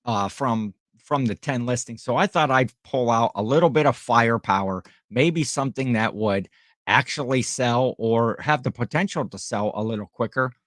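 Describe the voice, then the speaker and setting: A man's voice: mid-range voice, normal speed, fairly bright tone. This is a man hosting a casual livestream, with an ordinary mid-range voice. He rambles in a friendly way and answers his viewers as he goes. The sound is dry and close, with no room echo. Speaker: livestream host and online reseller.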